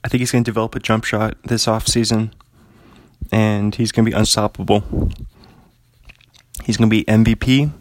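A man's voice: on the low side, level tone, normal speed, pauses often, a little hiss or hum. A man hosting a casual solo podcast from his apartment, rambling in a laid-back way with lots of fillers. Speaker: podcast host. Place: home apartment.

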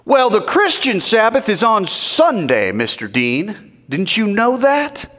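A man voicing a smug, know-it-all churchgoer in a high, sing-song tone. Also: very animated, slow, fairly bright tone, long reverb tail, full character voice. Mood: condescending.

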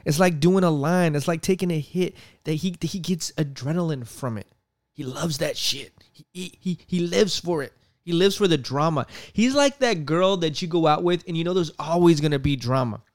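A man's voice: a little high, moderate pace, no echo. Profane ranting podcast man. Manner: heated, profane, ranting with repeated swearing. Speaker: podcast host. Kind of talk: profane political commentary.

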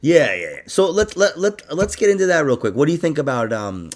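A man's voice: on the high side, big pitch swings, a little fast. A man hosting a comedy podcast, teasing his guest, saying dude a lot and laughing often. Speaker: podcast host and stand-up comic. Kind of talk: casual comedy chat.

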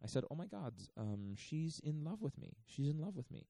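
A man voicing an earnest, accented male art curator, speaking slowly and solemnly. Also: fairly high pitch, big pitch swings, gravelly, warm tone, dry recording, pitched above the performer's own voice.

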